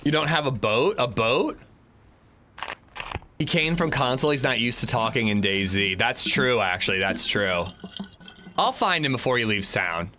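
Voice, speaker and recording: A man's voice: medium pitch, lively intonation, moderate pace, bright, forceful tone, a little hiss or hum. A young man chatting casually while streaming a survival game, rambling with frequent restarts and fillers. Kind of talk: casual gameplay livestream chat.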